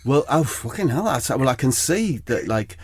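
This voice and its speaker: A man's voice: mid-range voice, big pitch swings, moderate pace. A man co-hosting a comedy podcast, telling an absurd story in a rambling way with sweary asides.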